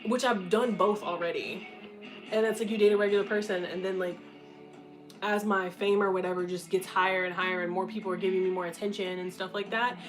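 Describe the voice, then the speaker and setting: A woman's voice: mid-range voice, fairly even intonation, fairly quick, faint music behind, poor audio. Blunt, profane young woman chatting. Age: 20s. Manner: blunt, profane, frequent laughter. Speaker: content creator answering questions. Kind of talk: casual candid chat.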